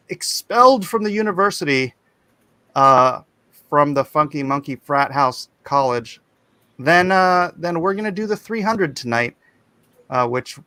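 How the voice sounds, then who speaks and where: A man with a fairly high voice hosts a casual livestream, chatting in an unhurried way and reading comments from the chat aloud. He breaks into animated bursts now and then. His voice sounds close and dry, with no room echo. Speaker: livestream host.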